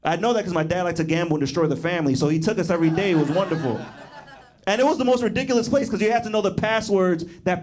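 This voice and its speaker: A young man does stand-up in a fairly high voice. He rambles loosely and laughs at his own jokes as he goes. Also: darkish tone. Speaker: stand-up comedian. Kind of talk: stand-up comedy.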